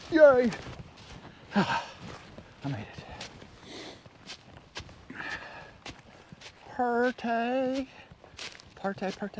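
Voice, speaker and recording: Excitable man rambling outdoors. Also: on the high side, slight background noise. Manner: excitable, chatty, wanders between thoughts. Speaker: vlogger. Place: outdoors in snowy windy woods. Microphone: handheld camera.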